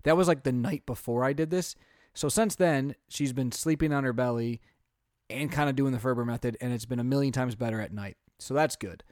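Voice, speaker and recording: A man in his thirties, a podcast co-host and father, chatting casually and telling animated stories. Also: mid-range voice, brisk, no room sound, clean studio sound. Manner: chatty, animated storytelling with quoted voices. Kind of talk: casual chat.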